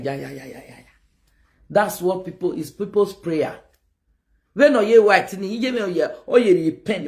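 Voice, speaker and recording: Animated Nigerian woman ranting to camera. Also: fairly low pitch. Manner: rambling, animated, mixes pidgin with local-language phrases. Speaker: online video host. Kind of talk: casual rant to camera.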